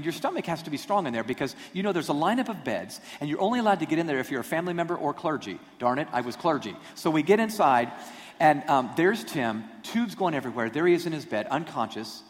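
A man preaching a storytelling sermon, animated and self-deprecating in his humor. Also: on the high side. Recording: long hall reverb.

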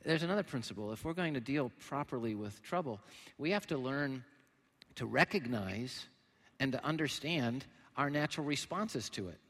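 A man preaching a sermon as pastor, animated, swinging between loud emphatic lines and quiet, low ones. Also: normal speed, breathy edge, long reverb tail.

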